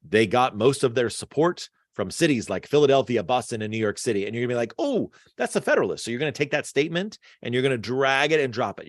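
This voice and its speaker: A male history teacher giving a casual online quiz review, chatty and animated, with lots of fillers and asides. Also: medium pitch, no room sound, clean studio sound.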